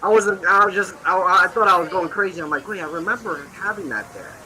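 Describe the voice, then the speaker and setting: A man's voice: high-pitched, fairly quick, poor audio. A man teasing and questioning in a casual group ride commentary. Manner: teasing, incredulous, animated. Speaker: guest.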